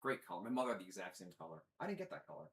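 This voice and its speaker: Male podcast host, casual and profane, bright edgy tone, roomy sound. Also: sits low, big pitch swings, racing. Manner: profane, rambling storyteller. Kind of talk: casual chat. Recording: roomy echo.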